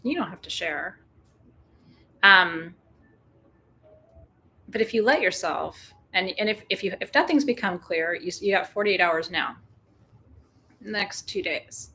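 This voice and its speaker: A woman's voice: on the low side, animated, measured pace, long pauses, sharp tone. A woman hosting a live-streamed full moon ritual indoors, talking to her viewers in a chatty way, joking and laughing often. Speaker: spiritual teacher leading a live ritual. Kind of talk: casual live-stream talk. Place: indoors, burning sage.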